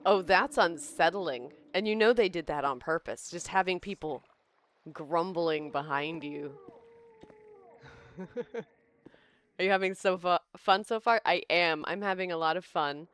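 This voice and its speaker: A woman's voice: on the low side, unhurried, pauses often. Giggly American woman streaming a game. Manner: chatty, laughs often, talks to chat. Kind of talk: casual live-stream chat while playing.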